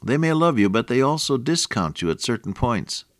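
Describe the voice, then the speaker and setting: A man's voice: mid-range voice, big pitch swings, normal speed, no room sound, clean studio sound. An older man teaching the Bible on the radio in a folksy, affectionate way that often breaks into a chuckle.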